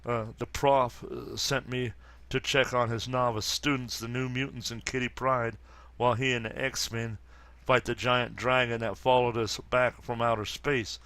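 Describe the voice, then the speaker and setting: A man with a medium-pitched, clean voice reads the lines of a weary young superheroine aloud, flat and plain, barely pausing. There is no echo.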